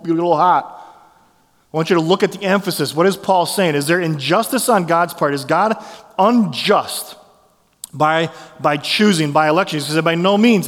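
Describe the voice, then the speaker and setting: A fairly high-voiced man delivers a sermon, quoting passages and then unpacking them with emphatic rhetorical questions. His voice carries a long reverb, as if he is speaking in a large church hall. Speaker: preacher.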